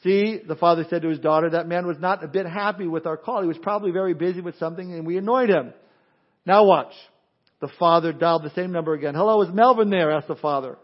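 A man's voice: fairly high pitch, fairly even intonation, fast. Man preaching a sermon, dull lo-fi sound. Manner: earnest preaching with jokes and retold stories. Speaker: pastor.

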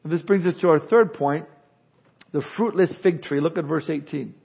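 Older male pastor, high animated voice. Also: moderate pace, creaky, slightly rough. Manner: animated, conversational preaching with frequent restarts. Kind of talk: sermon. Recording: dull lo-fi recording.

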